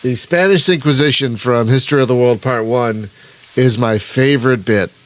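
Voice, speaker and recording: A man's voice: medium pitch, moderate pace. Rambling man narrating his gameplay. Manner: rambling, self-interrupting, chuckling. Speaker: gaming channel host. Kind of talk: live-streamed gameplay commentary.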